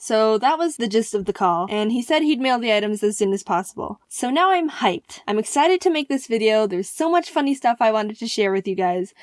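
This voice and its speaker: A woman narrating a comedic storytime for an animated video, playful and excitable, slipping into quick impressions. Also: a little high, no room sound, studio quality. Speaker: animation channel host.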